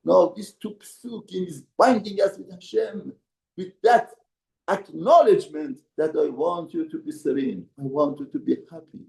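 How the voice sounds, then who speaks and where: A man's voice: moderate pace, vocal fry, darkish tone. A man, a rabbi, giving an emphatic mussar lesson in a study hall. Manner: emphatic, acts out quoted voices with raised pitch. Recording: echoey room.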